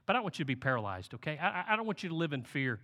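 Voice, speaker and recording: A male pastor delivering a sermon in a bright, forceful voice that sits a little high for a man. His delivery swings from hushed reflection to loud, animated storytelling. The sound carries a long reverb, as if filling a large hall. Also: racing.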